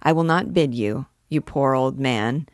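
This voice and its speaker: A woman's voice: a bass voice, unhurried, dry recording, studio quality. A woman reading as a fiery, grandiose archdeacon. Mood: solemn. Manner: grandiose, declaiming. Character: fiery, proud male archdeacon alchemist, middle-aged.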